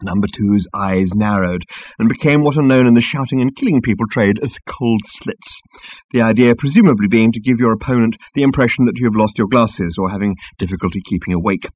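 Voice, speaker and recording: A man narrating a story in a wry, lively manner. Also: lowish voice, a little fast, no echo. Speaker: audiobook narrator. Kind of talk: scripted narration.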